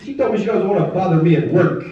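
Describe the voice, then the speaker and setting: A man in his fifties doing a stand-up comedy set in a lodge hall, delivering deadpan one-liners with quick asides. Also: high-pitched. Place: lodge hall with live audience. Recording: muffled, echoey hall, mic far off, crowd laughing.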